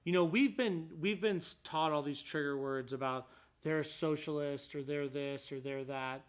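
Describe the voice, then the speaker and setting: Animated man with many restarts. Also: fairly high pitch, moderate pace, clean tone. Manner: rambling with frequent restarts, rising emphasis. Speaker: guest describing his court hearing. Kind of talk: casual conversation.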